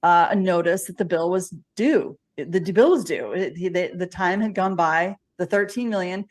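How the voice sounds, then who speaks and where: A woman's voice: fairly low pitch, normal speed. A woman lecturing in a rambling monologue, with frequent restarts and false starts. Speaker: speaker in a played video.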